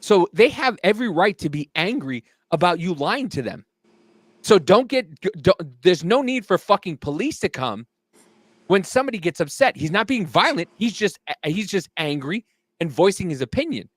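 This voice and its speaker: Animated, swearing man telling a story. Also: high voice, moderate pace, no echo. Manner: animated, swearing, acts out angry quotes loudly. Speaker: podcast co-host. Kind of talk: casual storytelling chat.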